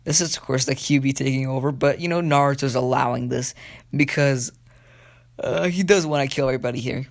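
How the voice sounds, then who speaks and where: A man's voice: mid-range voice, fairly quick, vocal fry. A man casually telling a fan story, rambling and swearing with many fillers.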